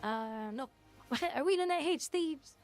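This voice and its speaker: A woman's voice: high-pitched, animated, slow pace, soft background music. A young woman streamer chatting casually on a livestream, blunt and opinionated, rambling from one thought to the next.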